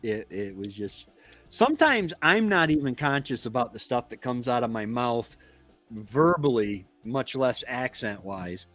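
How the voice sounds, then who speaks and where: A man from Florida who hosts a homestead live stream, telling a casual story in a meandering, halting way. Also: medium pitch, big pitch swings, fairly bright tone, soft background music. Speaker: homestead channel host.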